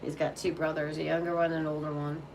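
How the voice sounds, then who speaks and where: A woman's voice: low voice, flat delivery, fast, darkish tone. A woman tarot reader chatting casually and cooing in baby talk to her dog. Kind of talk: casual chat. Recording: distant mic with faint background hum.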